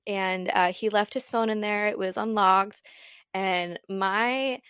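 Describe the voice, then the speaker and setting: A woman's voice: medium pitch, steady tone, slow pace, fairly bright tone, smooth, dry recording, clean studio sound. A young woman co-hosting a podcast, telling a personal story candidly, with plenty of swearing. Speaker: podcast co-host. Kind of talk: casual chat.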